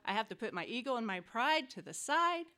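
A woman's voice: on the high side, a little fast. A woman giving a personal scripture reflection to a church group, telling the stories emphatically and with animation. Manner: emphatic, animated storytelling, acts out quotes. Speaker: church member sharing a reflection.

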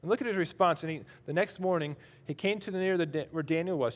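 A man's voice: fairly high pitch, lively intonation, a little fast, hardly any pauses. Man preaching a casual sermon. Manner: conversational, self-deprecating preaching with reading aloud of scripture. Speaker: pastor.

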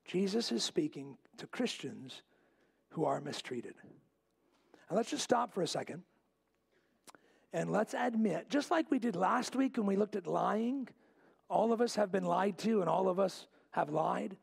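A man preaching a sermon in a church, repeating key lines and dropping to a low, quiet voice to stress them. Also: normal speed, vocal fry, husky. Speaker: pastor. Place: church sanctuary.

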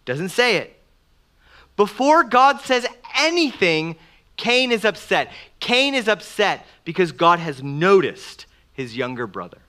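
In a lively sermon, a middle-aged pastor impersonates the figures whose words he repeats. The voice is high and the delivery slow.

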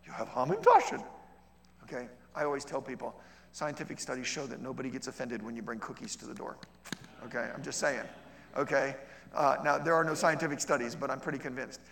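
A man's voice: mid-range voice, fairly even intonation, fast talker, gravelly, bright, forceful tone. A man teaching a class in a chatty, humorous way, acting out little dialogues with people. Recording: echoey hall.

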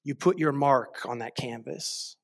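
A man with a mid-range voice delivers a sermon slowly and deliberately, repeating phrases for emphasis.

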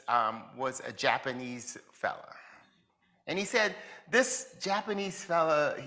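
Male preacher, unhurried, bright and animated, conversational sermon with questions to the congregation. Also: fairly high pitch. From Jamaica. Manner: asks the listeners reflective questions, chuckles between points.

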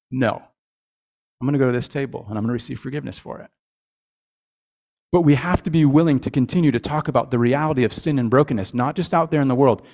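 A man's voice: medium pitch, a little mellow. Male pastor, earnest sermon delivery, conversational, repeats words, checks in with the congregation.

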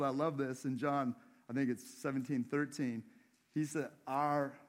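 A man's voice: medium pitch, darkish tone. A man preaching a sermon in a church, in a conversational way, putting questions to the congregation. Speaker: pastor.

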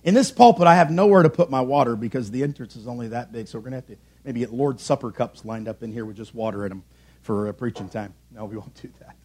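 A man's voice: mid-range voice, fast talker, darkish tone. A man preaching a sermon from a church pulpit, emphatic, with repeated calls and rhetorical questions. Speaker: pastor.

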